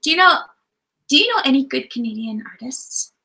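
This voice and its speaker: High and sing-song, this thirtysomething woman's voice is brisk, bright, and forceful as she co-hosts a live stream. Her casual chat is playful and jokey, and she bursts into singing and rapping along with songs.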